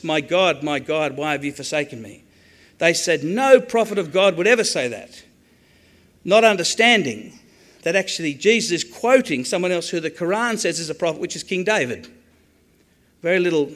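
A man preaching a sermon on the Psalms, animated, acting out quoted prayers with jokey asides. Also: high voice.

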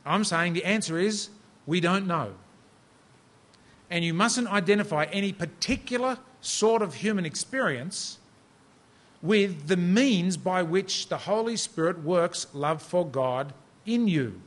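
A middle-aged man from Australia delivers a sermon with a slightly raised pitch. He talks in an easy, conversational way, mixing self-deprecating stories into his preaching. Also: expressive, a little slow, fairly bright tone.

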